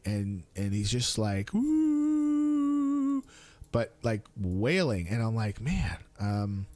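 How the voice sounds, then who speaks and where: A man in his thirties chatting casually on a live stream, rambling with fillers and restarts. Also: darkish tone. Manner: high squeaky voice when quoting his young son.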